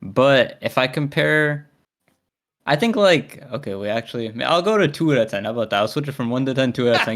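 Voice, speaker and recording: A man co-hosting a casual podcast chat with an ordinary mid-range voice. He thinks out loud and revises his opinion mid-sentence. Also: medium pitch, expressive, fairly quick. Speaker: podcast co-host.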